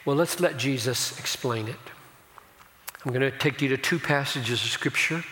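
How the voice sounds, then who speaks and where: A man preaching a sermon as a pastor, slow and emphatic, swelling into loud declarations. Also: medium pitch, in a large hall.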